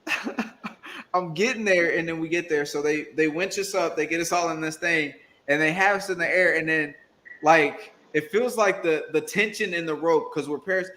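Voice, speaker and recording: A man's voice: a little high, moderate pace. A man from Arkansas, raised in Indiana, hosting a livestream and telling a story in casual chat, acting out the quotes. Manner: animated storyteller, acts out quotes. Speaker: livestream host.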